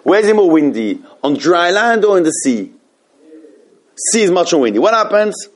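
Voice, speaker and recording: A man with a slightly high voice teaches a class on Jewish law. He stumbles over restarts and keeps turning to the room with questions. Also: very animated, normal speed. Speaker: Torah teacher.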